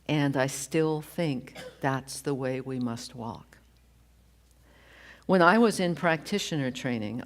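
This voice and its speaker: A woman minister giving a sermon in a slow, deliberate, reflective way, from a church sanctuary. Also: low voice.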